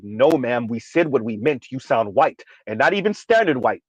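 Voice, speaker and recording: Exasperated high-voiced man ranting. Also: big pitch swings, fairly quick, few pauses, dry recording, rough recording. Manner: sardonic, exasperated, repetitive emphasis. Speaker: commentary vlogger. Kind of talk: ranting commentary.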